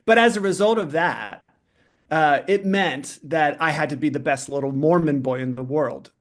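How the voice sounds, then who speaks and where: A middle-aged man speaking as a podcast guest, telling a candid personal story in a fast, animated way, interrupting himself with many fillers. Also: on the high side.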